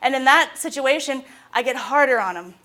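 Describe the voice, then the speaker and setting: A woman, a mental health specialist giving an informal talk to students, telling stories with lively acted-out quotes. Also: sits high, moderate pace.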